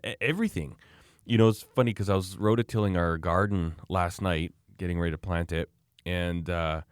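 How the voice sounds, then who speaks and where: Low-voiced male co-host, loose rambling chat, dead-dry sound. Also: clean tone, no echo. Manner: rambling, many fillers and restarts. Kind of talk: casual chat.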